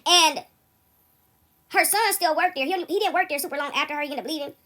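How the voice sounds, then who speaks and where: Brief: woman vlogger, quick and animated, high-pitched, storytelling straight into a phone app. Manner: animated, keeps asking "right?". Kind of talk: casual storytelling to viewers. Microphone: phone recording app.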